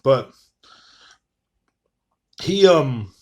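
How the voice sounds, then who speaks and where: A man's voice: medium pitch, moderate pace. Casting note: young man, rambling, profane monologue, ordinary mid-range voice. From Texas. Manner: profane, rambling, lots of fillers. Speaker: podcast host. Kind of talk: casual ranting monologue.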